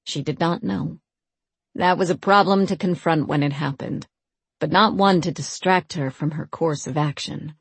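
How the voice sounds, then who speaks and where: A woman narrating a fantasy audiobook in a steady, even storytelling manner. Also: low voice, moderate pace, husky, dry recording.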